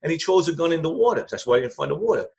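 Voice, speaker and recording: Gravelly older man spinning rambling stories. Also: a little high, big pitch swings, rapid-fire, a little mellow. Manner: rambling, repetitive, blunt street grammar. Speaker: former crime crew associate, guest. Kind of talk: casual anecdotal storytelling. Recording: dull lo-fi sound.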